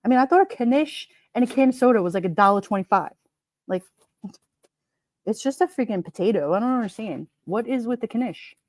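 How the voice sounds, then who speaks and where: Chatty New York woman, mellow voice. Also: medium pitch, animated, fairly quick, dry recording, studio quality. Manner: chatty, wisecracking, laughs often. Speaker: livestream host. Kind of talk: casual live chat reading comments.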